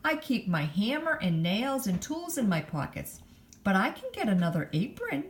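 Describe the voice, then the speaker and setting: A woman's voice: medium pitch, big pitch swings, normal speed, slight background noise, close to an everyday voice. Woman reading a friendly, easygoing workman.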